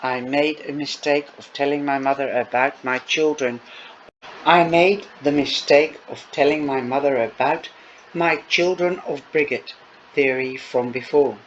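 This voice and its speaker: A man's voice: mid-range voice, steady tone, measured pace, close to an everyday voice. A man reading a novel aloud, voicing a tense young man who speaks tightly and guardedly. Dull lo-fi recording with faint noise.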